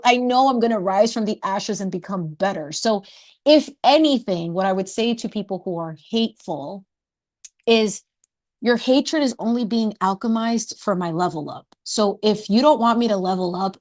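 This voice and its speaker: A woman's voice: mid-range voice, darkish tone. A woman hosting a casual livestream chat, playful and sassy, laughing often and dropping in Spanish words. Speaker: livestream host.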